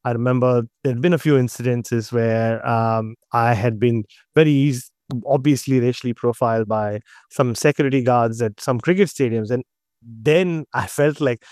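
A man, telling personal stories as an interview guest, halting often and restarting his sentences. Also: mid-range voice, darkish tone, no room sound, studio quality. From India. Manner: halting, with many restarts and fillers. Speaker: interview guest, cricket journalist. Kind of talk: candid personal storytelling in an interview.

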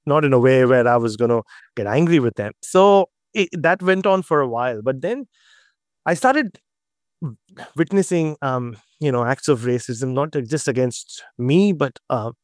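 A man, telling personal stories as an interview guest, halting often and restarting his sentences. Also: mid-range voice, lively intonation, no room sound, clean studio sound. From India. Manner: halting, with many restarts and fillers. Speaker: interview guest, cricket journalist. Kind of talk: candid personal storytelling in an interview.

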